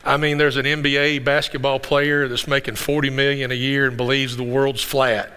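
A man preaching from the pulpit with a bright, forceful voice that carries a long hall reverb through the sanctuary. He talks in a loose, conversational way and doubles up words when he gets going on a story. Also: medium pitch, little pitch movement, normal speed, smooth. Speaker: pastor. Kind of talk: sermon with storytelling. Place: church sanctuary.

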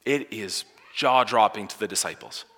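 A male pastor preaching a sermon with great drama, dropping to hushed near-whispers and then rising to loud, emphatic lines. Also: fairly low pitch, normal speed. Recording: echoey church hall.

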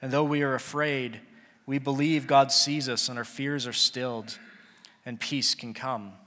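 A man's voice: medium pitch, steady tone, measured pace, bright, forceful tone. Earnest preacher man in a reverberant hall. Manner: earnest, conversational, acts out biblical characters. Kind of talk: sermon.

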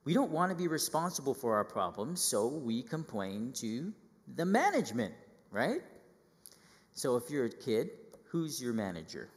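Animated preacher man in a hall. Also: mid-range voice, normal speed. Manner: lively, acts out quoted voices, asks listeners questions. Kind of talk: children's sermon.

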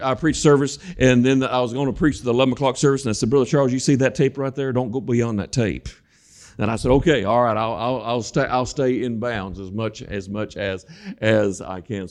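A man preaching a sermon in a church, walking about as he talks, folksy and repetitive, calling the congregation "folks". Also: lowish voice. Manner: folksy, repeats words, addresses congregation as folks. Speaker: guest preacher. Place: church sanctuary. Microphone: walking while preaching, moving around the mic.

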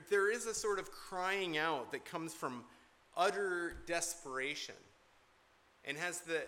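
A man's voice: on the high side, sharp tone. A man preaching an expository sermon from the pulpit, earnest and emphatic, repeating key points to drive them home. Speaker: pastor.

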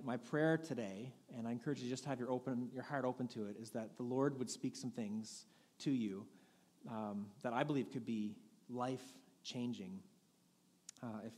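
A man's voice: mid-range voice, darkish tone. Conversational male pastor in an echoey hall. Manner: conversational, candid preaching with frequent restarts. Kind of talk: sermon. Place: church sanctuary.

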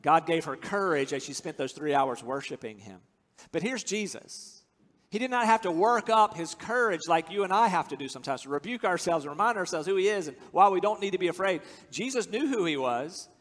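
A man from the United States preaching a sermon, earnest and emphatic, slowing down to stress key phrases. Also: high voice, lively intonation, a bit bright. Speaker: pastor. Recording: long hall reverb.

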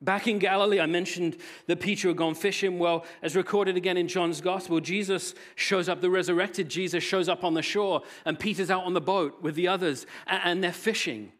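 A man preaching a sermon as pastor, telling the story in an animated way, swinging from loud, excited bursts to hushed near-whispers. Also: high-pitched, fairly quick, few pauses.

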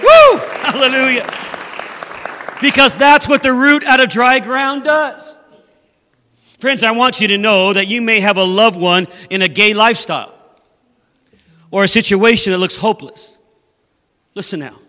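A man preaching a sermon as a guest speaker in a church, animated and acting out voices from scripture. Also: sits high, moderate pace, long pauses, in a large hall, some chatter behind. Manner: animated, acts out scripture voices, laughs at own jokes. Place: church sanctuary.

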